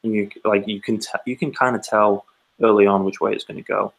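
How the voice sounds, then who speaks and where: A man's voice: fairly low pitch, flat delivery, a little fast, creaky, rough recording. A man co-hosting a casual podcast, telling a long rambling anecdote and acting out the quotes. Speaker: podcast co-host. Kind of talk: casual storytelling chat.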